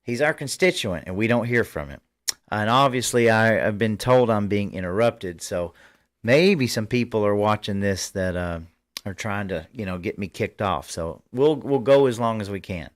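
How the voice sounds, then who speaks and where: A man hosts a political commentary livestream from his desk mic. His voice sits on the low side, and he talks fervently, rambling and restarting his sentences as he goes. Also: expressive, normal speed. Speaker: host.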